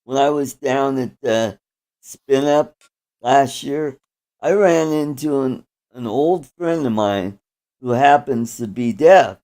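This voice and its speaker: A man's voice: mid-range voice, slow, mellow. A man co-hosting a casual live stream who drops in dry joking asides and short anecdotes. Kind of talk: casual chat.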